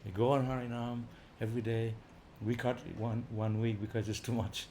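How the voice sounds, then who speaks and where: Visiting speaker, male, energetic informal class, light background noise. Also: medium pitch, normal speed. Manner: animated, rising loud for emphasis, chuckling.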